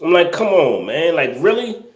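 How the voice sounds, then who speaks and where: A man's voice: fairly high pitch, very animated, moderate pace, reverberant. A man hosting a casual livestream, reading viewer comments and ranting with incredulous laughter and slang.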